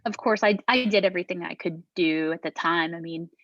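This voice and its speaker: This podcast guest, a middle-aged woman who founded a beverage company, speaks in a lowish, slightly bright voice at a brisk clip. Recounting her story in the interview, she's candid, curses offhandedly, and keeps starting sentences over. The audio is dry, with the top end cut off.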